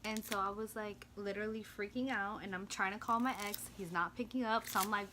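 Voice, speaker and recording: A young woman casually telling a storytime vlog, swinging from loud, high-pitched reenactments to quiet mumbling. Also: quick pace, hardly any pauses, background noise. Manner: animated, swings into loud high-pitched retellings of quoted lines; drops to quiet, low mumbling in reflective parts. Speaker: vlogger.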